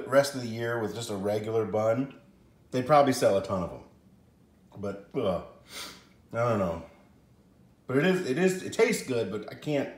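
A man casually reviewing a fast-food sandwich, hesitant and often trailing off while he chews. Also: mid-range voice. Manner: hesitant, trailing off and restarting as he reacts; talks while chewing at times.

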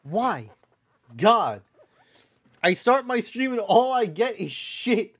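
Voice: medium pitch, very animated, slow, pauses often. A live streamer chatting casually from their own room at home, rambling, swearing often and keeping their voice down. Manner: keeps voice down to avoid being loud. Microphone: desk microphone with lowered sensitivity.

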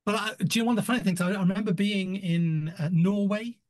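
A man's voice: sits high, quick pace. An older man, a retiring ministry director, telling stories in an interview with many restarts and acted-out quotes. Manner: animated storyteller, acts out quoted voices, many restarts.

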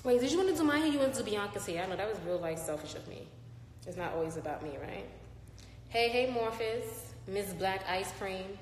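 A woman's voice: medium pitch, lively intonation, brisk. A woman hosts a casual live stream from her phone, chatting playfully and calling out viewers by name. Her voice rings around a roomy space with a long reverb tail, and faint ambient noise sits underneath. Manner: chatty and playful, gives shout-outs to viewers. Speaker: host of an online live show.

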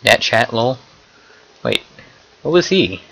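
A young man giving casual, excitable commentary while playing an online game, often swearing and exclaiming at what happens. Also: medium pitch, takes it slowly, gravelly, low-quality recording. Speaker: gameplay commentator.

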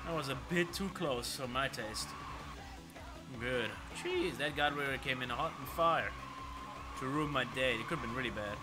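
A man streaming himself playing an arcade racing game, talking casually and excitedly to his viewers and swearing now and then. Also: mid-range voice, normal speed. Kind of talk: live gameplay commentary. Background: arcade racing game music.

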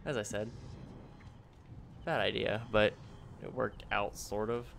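A man's voice: on the low side, steady tone, slow, vocal fry, a bit bright, a little hiss or hum. A man streaming a video game, swearing in frustrated outbursts and rambling through stories with lots of filler words. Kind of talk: casual gameplay commentary. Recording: game music playing behind.

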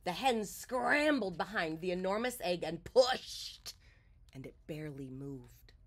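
A woman reading a children's picture book aloud, with expressive storytelling. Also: fairly low pitch, measured pace.

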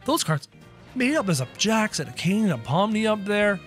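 A man giving excited gameplay commentary to his viewers. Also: sits high, moderate pace, faint music behind. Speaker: gaming youtuber.

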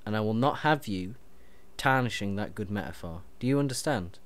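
A man's voice: fairly low pitch, lively intonation, normal speed. A young man co-hosting a gaming video, nitpicking his partner with exasperated, swearing rants. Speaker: let's play co-host. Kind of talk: casual gameplay banter.

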